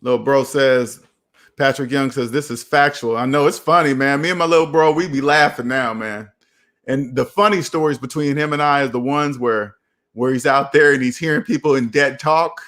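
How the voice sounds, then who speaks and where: A young man hosting a casual live chat about personal finance, talking in an animated, preachy and repetitive way. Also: medium pitch, moderate pace. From United States. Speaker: finance channel host.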